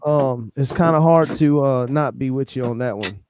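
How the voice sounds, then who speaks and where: A man hosting a casual livestream chat, laid-back and halting, with lots of fillers. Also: mid-range voice, very noisy. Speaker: stream host. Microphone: remote stream call.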